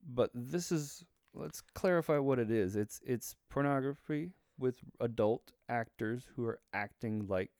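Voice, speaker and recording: A man's voice: mid-range voice, a little slow, few pauses, darkish tone, no echo, clean studio sound. A man co-hosting a casual podcast, blunt and emphatic in his opinions. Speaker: podcast co-host.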